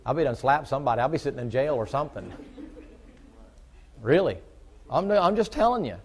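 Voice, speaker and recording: A middle-aged man preaching a folksy sermon, shifting from quiet storytelling to loud, fervent preaching. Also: mid-range voice, big pitch swings, brisk.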